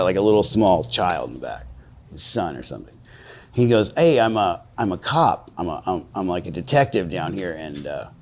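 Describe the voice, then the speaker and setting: Interviewed on the street, a man in his forties with a low, darkish voice launches into a casual, rambling story laced with profanity, doing voices for the other people involved.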